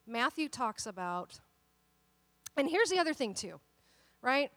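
Woman pastor giving a sermon, high voice, dry close sound, tells stories then gets fired up. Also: big pitch swings, measured pace, a bit bright, dry recording. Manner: personal storytelling, quotes voices in dialogue, builds to emphatic exhortation.

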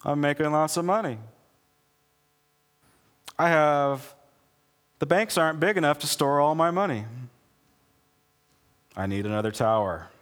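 A man's voice: on the high side, animated, measured pace, pauses often, a bit bright, in a large hall. A man voicing a greedy rich farmer who schemes to hoard his harvest in a spoken parable. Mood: scheming. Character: greedy rich farmer planning bigger barns.

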